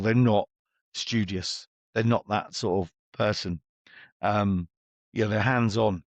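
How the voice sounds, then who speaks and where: A man's voice: fairly low pitch, steady tone, slow pace, dry recording. A middle-aged man, a business coach, talking bluntly and chattily as an interview guest and acting out his exchanges with clients.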